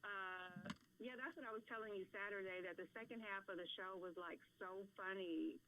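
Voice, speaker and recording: A woman calling in to a comedy talk show, telling stories in a teasing, animated way. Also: medium pitch, moderate pace, slight background noise, rough recording. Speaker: regular caller. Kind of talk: casual comedic chat.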